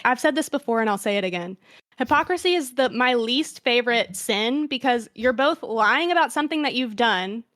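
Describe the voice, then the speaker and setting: A woman's voice: a little high, fairly bright tone, dry recording. A young woman hosting a podcast, reading a listener's story aloud and then chatting, wry and self-mocking. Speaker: podcast host.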